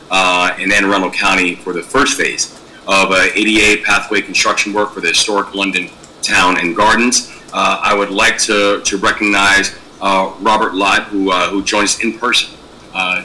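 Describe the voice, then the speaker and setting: A man leads a formal public board meeting, thanking each speaker in turn. His voice sits low but comes across forceful and pressed. He keeps a courteous, procedural tone. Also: a little hiss or hum, low-quality recording.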